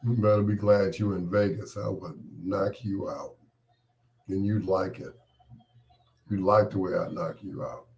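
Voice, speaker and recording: A man's voice: deep voice, steady tone, a little slow, creaky, a little mellow. A man hosting a late-night radio show with a cold, chatting and joking with listeners by name. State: has a cold, congested voice. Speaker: radio host.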